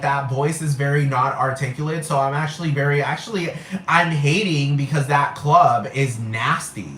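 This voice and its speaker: A man's voice: medium pitch, fairly bright tone, slight background noise. A man giving a blunt, heated, profane rant as a vlogger, repeating his points. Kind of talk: profane ranting monologue. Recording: echoey room.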